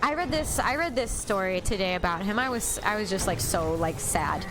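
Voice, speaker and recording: A woman streamer chatting casually during a game stream, telling stories in a lively, talkative way. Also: medium pitch, moderate pace, music in the background. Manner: chatty storyteller who acts out quotes.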